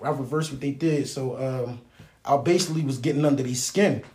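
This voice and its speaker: A man in his thirties, a battle rapper, casually telling a story in slangy, animated talk and reciting his verses. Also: medium pitch, fairly quick. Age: 30s.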